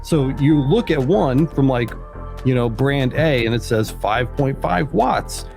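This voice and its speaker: Man, podcast host, relaxed banter and clear explanations, mid-range voice. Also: mid-range voice, unhurried, faint music behind. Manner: upbeat, joking, explanatory. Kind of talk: casual podcast chat.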